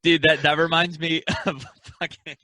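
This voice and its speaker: A man's voice: fairly high pitch, flat delivery, normal speed, sharp tone. A young man co-hosting a podcast, talking in a laid-back, rambling way with plenty of fillers and laughs. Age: young adult. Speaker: podcast co-host. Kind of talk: casual chat.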